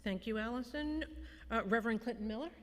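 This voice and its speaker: A woman's voice: on the high side, fast talker. Woman chairing a meeting, long hall reverb. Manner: gracious, lightly humorous. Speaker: commission chair. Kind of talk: formal meeting introductions. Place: public meeting in a city hall chamber. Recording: long reverb in a large chamber.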